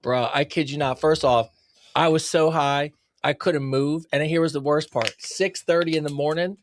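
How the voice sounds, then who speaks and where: A man's voice: a little high, fairly even intonation, moderate pace, no echo, clean studio sound. A man in his forties co-hosting a casual podcast, telling frank anecdotes and laughing easily. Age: 40s. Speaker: podcast co-host. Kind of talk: casual chat.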